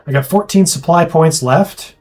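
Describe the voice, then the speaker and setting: A fairly high-voiced man talks through his gameplay in a loose, chatty way. He thinks out loud and drops quick asides as he plans his squad. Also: faint music behind. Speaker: game streamer. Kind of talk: casual gameplay chat.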